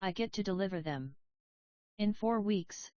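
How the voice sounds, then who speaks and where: A woman's voice: mid-range voice, expressive, a little slow, dry recording, highs cut off, natural voice. A woman reading the part of a shy, polite young male salesman who talks hesitantly.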